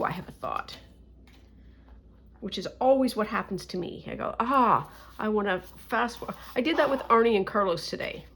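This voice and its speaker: A woman with a Canadian accent talks to her viewers in a loose, rambling way, filling the gaps with little ums and restarts. She comes across as self-deprecating and easygoing while she works on her crafts. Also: medium pitch. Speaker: crafting vlogger. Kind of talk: casual chat while drawing.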